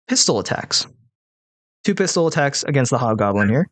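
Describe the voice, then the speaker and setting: A man's voice: fairly high pitch, big pitch swings, moderate pace, dry recording. A man running a tabletop game as game master, narrating methodically and counting dice rolls aloud.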